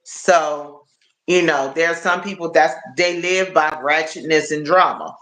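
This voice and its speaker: Rambling livestream guy, kinda high voice, echoey room, keeps repeating himself. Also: unhurried, sharp tone. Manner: rambling, repeats words, chats with viewers. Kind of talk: casual live stream chat. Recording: roomy echo.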